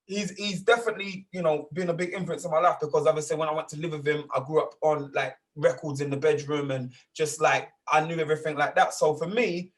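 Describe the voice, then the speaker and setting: Man, London accent, thirties, fairly high voice, animated, slangy, interview guest. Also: quick pace, hardly any pauses. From England. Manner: animated, emphatic, full of street slang and repeated asides. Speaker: grime artist guest. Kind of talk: casual interview chat.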